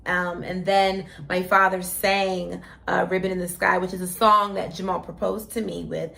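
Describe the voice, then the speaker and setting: A young woman co-hosting a casual chat, telling a story in an animated, emotional way with plenty of fillers. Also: on the low side, moderate pace, vocal fry. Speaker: co-host. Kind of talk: casual chat about their wedding.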